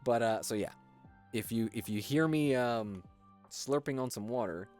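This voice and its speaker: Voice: mid-range voice, normal speed, darkish tone, soft background music. A streamer chatting casually during a livestream, rambling and swearing with lots of fillers. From United States. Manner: rambling, profane storytelling with many fillers. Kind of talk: casual chat while building on a livestream.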